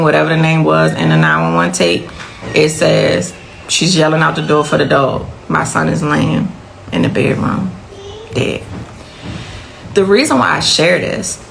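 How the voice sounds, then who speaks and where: A middle-aged woman speaks with a heavily gravelly, creaky voice that swings widely in pitch. She talks intensely, repeating key phrases for emphasis as she recounts her own story. A faint noise floor sits behind her. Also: low-quality recording. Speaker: mother of a victim. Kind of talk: emotional personal account.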